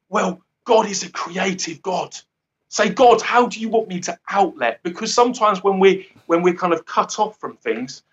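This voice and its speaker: A man's voice: high-pitched, fairly bright tone, dull audio. A man giving an earnest, rambling devotional talk who often laughs at himself. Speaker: guest speaker.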